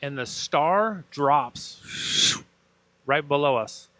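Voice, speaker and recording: Bright-voiced man telling a personal story. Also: fairly high pitch, lively intonation, very slow, no echo. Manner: earnest, emotional, acts out dialogue in his story. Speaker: podcast guest, breathwork facilitator.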